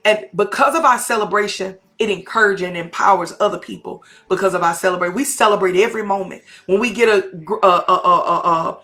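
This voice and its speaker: Texan woman pastor, middle-aged, drawl, bright forceful voice, fervent colloquial preaching to a live audience. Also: mid-range voice, steady tone, a little fast, hardly any pauses. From Texas, US. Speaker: pastor and podcast host. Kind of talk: impassioned motivational talk to a live audience.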